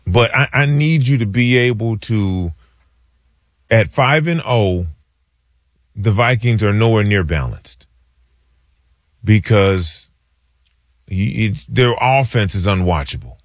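A man talks football as a radio co-host, unhurried and halting, using casual slang. His voice sits low and moves slowly. The studio sound is dry and close. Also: expressive, no room sound. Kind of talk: sports talk radio chat.

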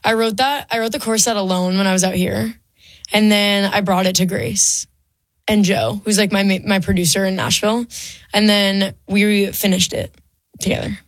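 A woman's voice: mid-range voice, fairly even intonation, moderate pace, dry recording. A young woman, a singer-songwriter guest, talking chattily with lots of "like" fillers. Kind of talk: casual interview chat.

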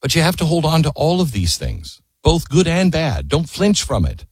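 A man delivers an impassioned history talk with a husky, slightly rough voice. His pitch swings widely as he presses his points and throws out rhetorical questions. The recording is dry and close. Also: huge pitch swings, moderate pace, no room sound. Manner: emphatic, asks rhetorical questions. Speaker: history storyteller.

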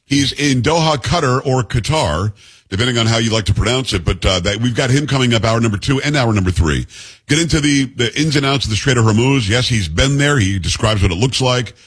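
A man's voice: medium pitch, lively intonation, quick pace, a bit bright, slightly rough. A man hosting a political talk radio show, delivering an emphatic monologue in short, punchy declarations.

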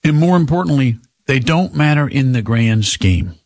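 A man's voice: mid-range voice, expressive, normal speed, a little mellow. A male talk show host giving opinionated, rambling commentary on sports and politics, emphatic, with frequent restarts.

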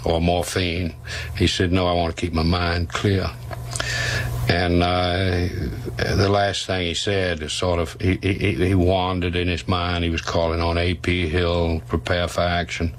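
A man recounting a historical scene in a slow, measured way, pausing often. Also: low voice, completely flat delivery, slight background noise, rough recording. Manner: slow, measured, with frequent pauses. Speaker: historian interviewee. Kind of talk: unhurried historical storytelling.

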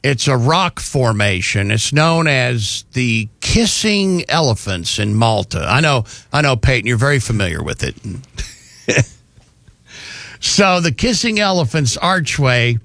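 A man hosting a talk show, telling news stories in a casual, animated way with jokey asides. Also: medium pitch, unhurried, creaky, no room sound. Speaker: radio show host.

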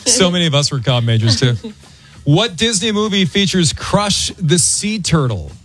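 Upbeat male morning radio host, slightly high voice, music bed behind. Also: sing-song, normal speed, a bit bright. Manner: upbeat, teasing. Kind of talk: morning radio quiz show.

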